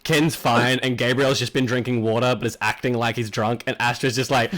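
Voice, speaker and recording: A man acting as game master, narrating a tabletop game in a relaxed, laughing way. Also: mid-range voice, a little fast.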